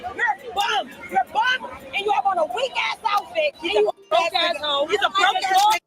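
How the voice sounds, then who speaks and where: A woman streamer shouting a profane, rapid-fire rant of repeated insults. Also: extremely high pitch. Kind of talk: angry live-stream rant. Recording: loud music and crowd noise behind.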